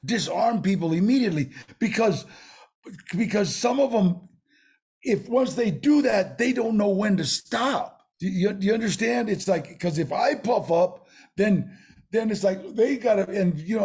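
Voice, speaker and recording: A man, a guest on an interview show, telling stories in a rambling, animated way with streetwise slang. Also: sits high, moderate pace, breathy edge. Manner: rambling, animated storyteller with many restarts. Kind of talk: casual storytelling in an interview.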